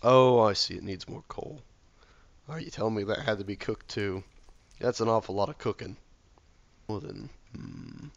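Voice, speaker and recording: A hoarse, ill man talking himself through a game, often muttering softly or near a whisper. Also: on the low side, animated, moderate pace, long pauses, no room sound, muffled recording. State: hoarse from illness. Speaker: gameplay video maker. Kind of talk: relaxed gameplay commentary.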